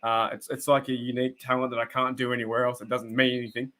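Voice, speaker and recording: Aussie bloke rambling on a live stream, chatty, um and uh a lot, mid pitch. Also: male voice, level tone, fast, bright, forceful tone. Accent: Australian. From Australia. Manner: rambling, chatty, many restarts and fillers. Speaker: live stream host reacting to football. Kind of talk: casual live stream chat.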